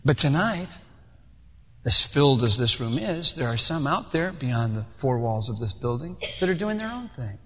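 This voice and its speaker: A man preaching a sermon to his congregation, animated and acting out little scenes in different voices. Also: mid-range voice, moderate pace, in a large hall. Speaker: pastor. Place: church sanctuary.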